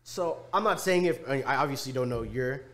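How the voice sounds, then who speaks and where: Hedging young podcast host. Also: male voice, medium pitch, expressive, brisk, a bit bright. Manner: hedging, checks in with "you know?". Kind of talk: casual chat.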